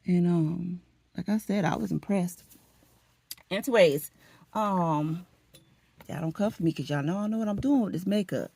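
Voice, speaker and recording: A woman vlogger chatting casually as she gets ready for work at home, telling a story in an animated, dramatic way with laughs. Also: on the low side, normal speed, vocal fry, pauses often, slightly rough, no room sound.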